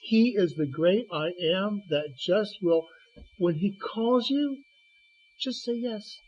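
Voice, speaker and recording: A guest preacher shares Bible stories over the radio, quoting dialogue and stammering as he restarts phrases. His voice sits high with a darkish tone, animated yet slow. Slight background noise accompanies the dull lo-fi broadcast.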